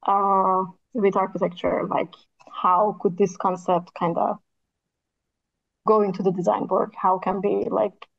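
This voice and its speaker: A woman's voice: mid-range voice, flat delivery, measured pace, creaky. A woman architect speaking as a guest in a casual interview, her voice a bit tired, thoughtful, with many fillers. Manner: thoughtful, with frequent "like" and "kinda" fillers. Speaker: architect and podcast co-host, guest. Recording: slightly dull lo-fi audio.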